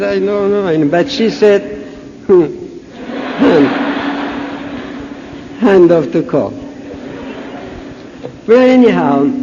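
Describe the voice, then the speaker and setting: An older Persian man speaks unhurried, halting English, acting out both sides of a conversation as he tells a funny story. His voice sits high for a man. The recording is muffled and lo-fi, with a long hall echo and a faint hiss. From Iran. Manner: halting non-native English, storytelling with dialogue. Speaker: conference speaker. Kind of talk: humorous anecdotal speech. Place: large conference hall. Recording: echoey hall, dull lo-fi audio, faint hiss.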